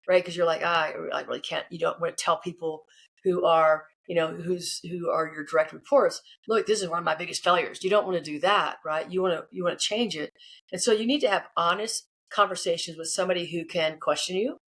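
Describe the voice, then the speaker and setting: A woman leadership coach answering interview questions, animated and acting out the people in her stories. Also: on the low side, fairly quick. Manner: animated, acts out quoted people. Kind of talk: casual interview answers, storytelling.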